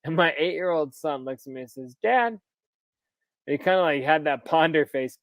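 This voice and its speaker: Casual male co-host in his thirties, animated storyteller with a slightly high voice, dry close recording. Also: moderate pace, no room sound. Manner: animated storyteller, laughs often, swears freely. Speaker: podcast co-host. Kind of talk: casual chat.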